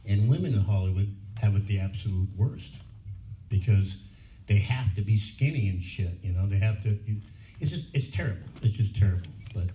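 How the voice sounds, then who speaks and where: A man's voice: fairly low pitch, brisk. A man telling blunt, profane stories at a convention panel, laughing often. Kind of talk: casual storytelling at a fan panel. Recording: echoey far-off hall recording, phone-like and noisy.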